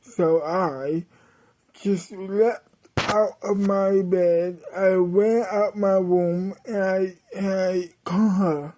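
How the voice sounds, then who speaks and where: A woman's voice: medium pitch, steady tone, takes it slowly, warm tone. A woman telling a comedic story in a dramatic way, correcting herself often and breaking into sudden outbursts.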